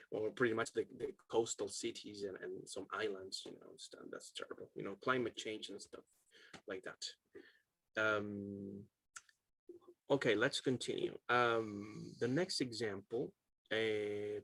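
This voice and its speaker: Man, Chilean accent, relaxed teacher, husky voice, dry close sound, video call. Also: lowish voice, measured pace, no room sound. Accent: Chilean Spanish. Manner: casual, chatty, laughs often, fills with um and uh. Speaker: English teacher. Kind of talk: online class.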